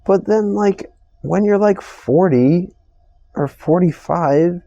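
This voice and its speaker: A man's voice: sits high, slow pace, creaky, mellow, no echo, muffled recording. A young man hosting a casual solo podcast, rambling and swearing in an exasperated rant about strangers. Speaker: podcast host. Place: store receiving area.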